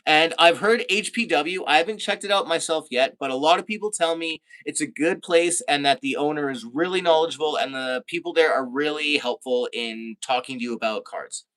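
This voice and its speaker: A man from Canada chatting casually on a live stream, reading out viewer comments, laid-back and quick to laugh. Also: fairly high pitch, fairly bright tone.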